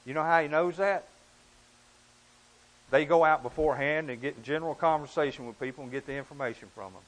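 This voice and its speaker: A man preaching a sermon in an earnest, emphatic way, often rising and dropping in pitch and volume. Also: fast, low-quality recording.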